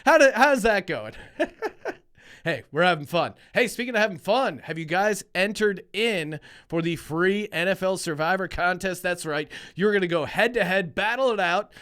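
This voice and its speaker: Brief: man from Philadelphia, podcast host, high smooth voice, joking casual chat. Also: moderate pace, hardly any pauses, fairly bright tone. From Philadelphia, USA. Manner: chatty, joking, full of restarts.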